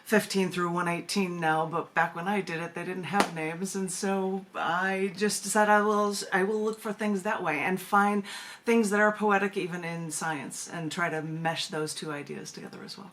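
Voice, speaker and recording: A woman's voice: on the low side, fairly even intonation, moderate pace, fairly bright tone, a little hiss or hum. Chatty poet woman on a video call. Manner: chatty, laughs often, restarts phrases. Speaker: poet and performance artist, interview guest. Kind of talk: casual interview talk and poetry reading.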